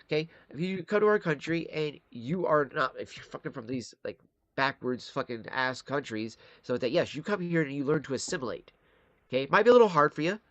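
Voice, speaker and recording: A man's voice: on the high side, lively intonation, fairly quick, a bit bright, dry recording, muffled recording. A man from Michigan ranting in a live-stream commentary, profane and rambling, talking straight to his chat. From Michigan, USA.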